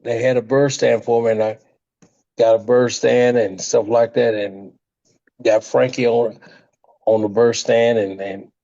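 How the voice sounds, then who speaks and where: An older man, a retired wrestler, telling animated stories in an interview, with frequent laughs and restarts. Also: mid-range voice, measured pace, vocal fry. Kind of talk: storytelling interview. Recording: slightly muffled lo-fi audio.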